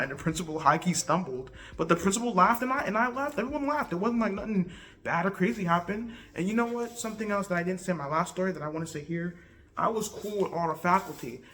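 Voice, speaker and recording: A young woman telling a casual, slangy story for her vlog in an animated, laid-back way. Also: deep voice. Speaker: vlogger.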